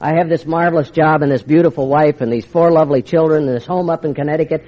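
A man's voice: a little high, steady tone, quick pace. An older man speaking at a recovery meeting, telling his story in a wry, confiding way and acting out past conversations. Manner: wry, confiding storyteller who acts out quoted exchanges. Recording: dull lo-fi recording.

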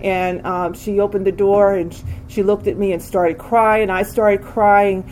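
An older woman sharing a candid personal recovery testimony, with frequent restarts and pauses. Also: medium pitch, steady tone, a little mellow, slight background noise, rough recording. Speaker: speaker sharing a recovery story.

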